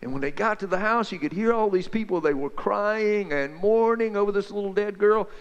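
A man telling Bible stories as a folksy, excited back-and-forth chat between two friends. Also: high voice, brisk, clear, resonant tone, big-room sound, lo-fi sound. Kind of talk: two-voice dramatized Bible storytelling.

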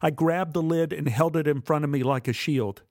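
A man telling a first-person memoir story in a measured, dramatic way. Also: on the high side, darkish tone, no echo, studio quality. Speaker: narrator.

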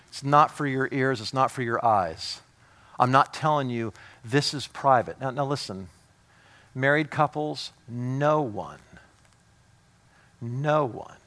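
A pastor with a mid-range voice preaches a sermon, shifting from emphatic urgency down to hushed intimacy. When he gets fired up, he repeats words.

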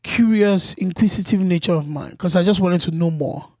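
A man's voice: high voice, normal speed, a little mellow, no room sound, studio quality. A man, a comedian guest on a podcast, talking earnestly about his craft and repeating his key points. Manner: earnest, advice-giving, repeats phrases. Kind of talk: casual interview chat.

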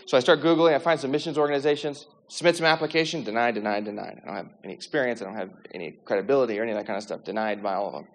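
A man telling a personal faith testimony in a lively, animated way, acting out the dialogue and using lots of filler words. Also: medium pitch, rapid-fire, few pauses. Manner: lively, acts out quoted dialogue, many "like" fillers. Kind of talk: animated storytelling. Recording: long hall reverb.

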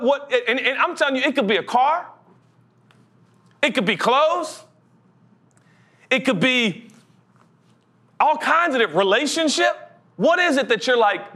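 A young adult man preaching a sermon as pastor, animated, slipping into comic voices and building to an urgent pitch. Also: moderate pace.

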